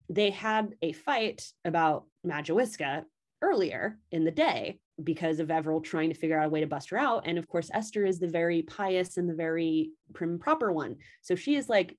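A woman's voice: fairly low pitch, a little mellow. A woman in casual chat, animatedly retelling a story's plot and swearing freely as she quotes the characters. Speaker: podcast co-host recapping a story.

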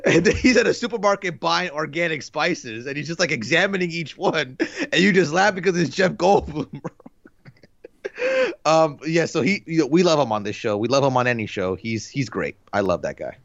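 Rambling man in his thirties, slightly high voice. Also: lively intonation, moderate pace, creaky, a bit bright, no echo, lo-fi sound. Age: 30s. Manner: rambling, laid-back, lots of fillers. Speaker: podcast co-host. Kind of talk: casual chat.

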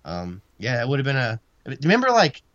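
A man's voice: mid-range voice, huge pitch swings, a little fast, a bit bright, dry recording. Laughing podcast guy on a dull mic. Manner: laughs often, rambling play-by-play. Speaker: podcast co-host. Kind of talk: casual wrestling match recap.

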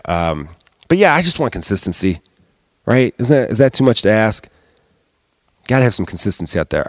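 In a studio-quality recording with no echo, a man with a lowish, darkish voice delivers a heated, casual rant on his own comedy podcast. He swears a lot as he goes, talking solo.

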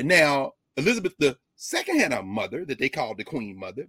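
A man giving an impassioned talk on history, reading passages aloud and swinging between loud drawn-out emphasis and low quiet asides. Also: wildly swooping pitch, breathy edge, dry recording, studio quality. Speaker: lecturer on African history.

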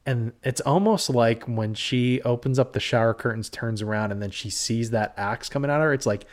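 A man's voice: mid-range voice, moderate pace. A man co-hosting a casual horror movie review podcast, talking in a heated, ranting way with swearing and lots of fillers. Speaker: podcast co-host.

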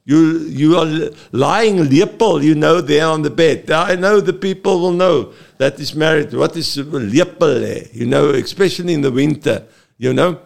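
A man, a therapist, explaining earnestly in an interview, halting often with fillers. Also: fairly high pitch, creaky. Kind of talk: explaining in a talk-show interview.

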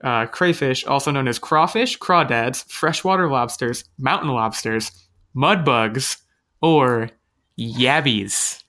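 A man hosts a casual podcast chat in a bright, forceful, mid-range voice at a slow pace. He's chatty and pokes fun at himself, thinking out loud and restarting often.

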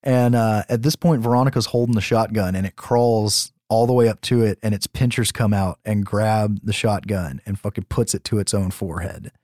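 A man co-hosting a podcast, recapping a horror film in a casual, profane, animated way. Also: lowish voice, normal speed, hardly any pauses, no echo, studio quality. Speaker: podcast co-host. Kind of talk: casual chat.

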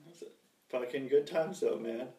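A man's voice: mid-range voice, normal speed, warm tone. Laid-back young man, distant and echoey. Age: 20s. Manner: laid-back, swears casually. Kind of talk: casual chat. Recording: echoey room, away from mic.

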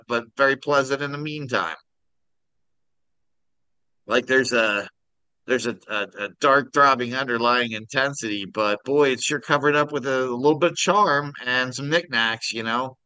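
A man's voice: mid-range voice, bright, forceful tone, clean tone, no room sound, poor audio. A man in his forties from Kansas, co-hosting a casual chat podcast over a video call, wry and rambling. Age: 40s. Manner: wry, rambling, does silly voices in his stories. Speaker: podcast co-host.

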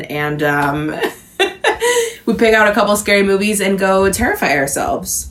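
Woman co-host in her thirties, casual storyteller, laughs a lot, somewhat low pitch. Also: a bit bright. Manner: chatty, laughs often, lots of "like". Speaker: podcast co-host. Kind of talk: casual chat.

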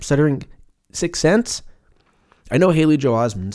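A man's voice: on the low side, lively intonation, normal speed, a little mellow. An American man in his thirties with a slight lisp, hosting a podcast in casual, profane, joking chat and stumbling over words. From United States. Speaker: podcast host.

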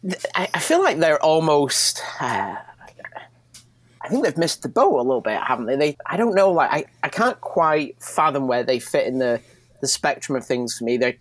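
A man's voice: mid-range voice, no room sound. Rambling man as podcast guest. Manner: rambling, tag questions. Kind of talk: casual chat.

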